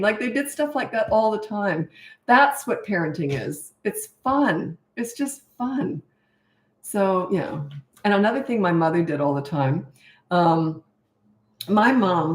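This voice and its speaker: With a lowish voice and a roomy sound, this older parenting coach answers questions live. She's chatty and story-driven, playing out different voices as she tells anecdotes.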